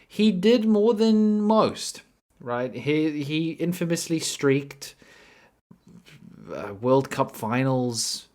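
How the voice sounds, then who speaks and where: A man giving casual, chatty commentary, often tagging his sentences with "right?". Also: mid-range voice. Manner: chatty, tags lines with "right?". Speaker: commentary YouTuber.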